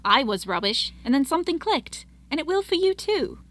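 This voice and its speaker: A woman's voice: sits high, very animated, normal speed, voice pushed up. A woman voicing a cheerful, encouraging young witch with a posh way of talking. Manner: posh, bright, upbeat.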